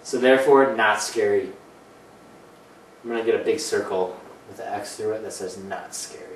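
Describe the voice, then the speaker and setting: A man's voice: lowish voice, moderate pace, slight background noise. Joking male host in an echoey room. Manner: rambling, jokey, slips into put-on voices. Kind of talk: casual comedy banter. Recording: echoey room, mic at a distance, faint ambience.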